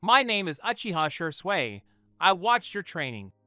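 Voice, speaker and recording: A kind young male ninja talks with a smile in his voice, as a man puts him on. His pitch is raised and swings in a lively way, with a bright tone. It is dry and close, like a storybook read aloud. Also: moderate pace, dry recording, heavily acted. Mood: friendly. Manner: kind and smiling. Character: friendly young male ninja who adopts two boys.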